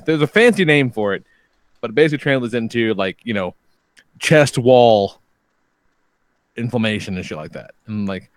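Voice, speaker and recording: A man's voice: mid-range voice, fairly quick, no echo. A man in his thirties, a podcast co-host telling a long story in casual, profane chat and acting out both sides of the conversations. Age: 30s.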